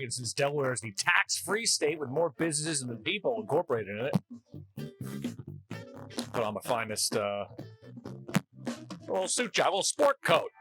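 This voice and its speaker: A man's voice: mid-range voice, poor audio. A man from New Jersey hosting a casual food-tasting vlog, chatty and wry as he jokes between bites. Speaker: host.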